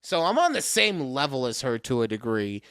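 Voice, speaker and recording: Animated bright-voiced man in his forties. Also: mid-range voice, moderate pace, clear, resonant tone, no room sound, clean studio sound. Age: 40s. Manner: animated storytelling, rants with profanity. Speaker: podcast co-host. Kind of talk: casual chat.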